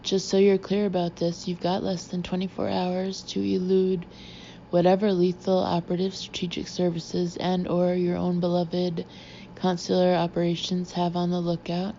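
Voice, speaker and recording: Dry, sarcastic male analyst, read by a woman; dark, gravelly, even. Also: on the low side, normal speed, muffled recording, a little hiss or hum. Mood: stony. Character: stony, sardonic male analyst.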